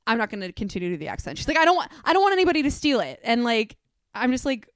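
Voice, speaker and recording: Animated young woman telling stories. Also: fairly high pitch, racing, no room sound, clean studio sound. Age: 20s. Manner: animated storyteller, swears freely. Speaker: podcast host. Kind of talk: casual chat among friends. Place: dinner table at home.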